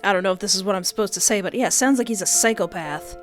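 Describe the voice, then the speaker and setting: A young woman hosting a let's play, giving casual, joking commentary with quick, playful asides. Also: mid-range voice, faint music behind.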